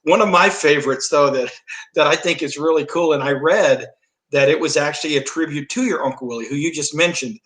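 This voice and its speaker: A man's voice: a little high, brisk, fairly bright tone. A man co-hosting a radio interview, asking his guest easygoing, admiring questions. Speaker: guest co-host. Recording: roomy echo.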